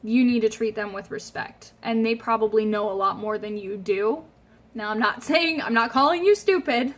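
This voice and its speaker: A woman's voice: fairly high pitch, a bit bright. A woman in her twenties talking casually to camera, giving earnest, emphatic advice and repeating her points. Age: 20s. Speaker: vlogger.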